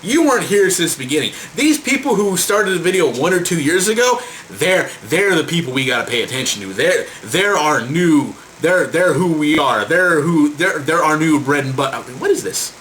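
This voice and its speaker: A man's voice: a little high, animated, moderate pace, few pauses, a bit bright, a little hiss or hum, poor audio. A man vlogging a heated rant to camera. He swears a lot and trips over repeated words in exasperation.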